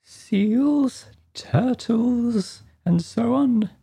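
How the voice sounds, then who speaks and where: A woman reading a slow, mournful Mock Turtle. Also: fairly high pitch, expressive, creaky, mellow, slightly rough, pitched above the performer's own voice, exaggerated voice. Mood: wistful. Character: melancholy male mock turtle, tearful and sentimental.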